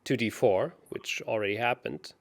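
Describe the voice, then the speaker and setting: A man co-hosting a chess show, working through puzzles out loud in a hesitant, self-mocking way. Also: on the low side, moderate pace. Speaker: chess co-host solving puzzles. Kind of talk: casual puzzle-solving chat.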